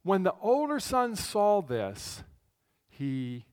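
Guy preaching, kinda high voice, goes loud then quiet, big church reverb. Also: slow pace, clean tone. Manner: animated storytelling, swings between loud and hushed. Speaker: pastor. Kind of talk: conversational sermon. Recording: long reverb of a large hall.

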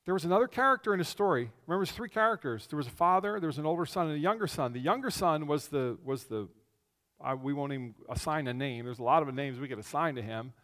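A man preaching a conversational sermon as pastor, telling the story with animation and swinging between loud and hushed. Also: on the high side. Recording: long reverb of a large hall.

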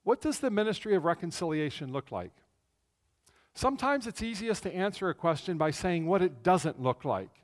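A man preaching a conversational sermon as pastor, telling the story with animation and swinging between loud and hushed. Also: high-pitched, big pitch swings, normal speed. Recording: long reverb of a large hall.

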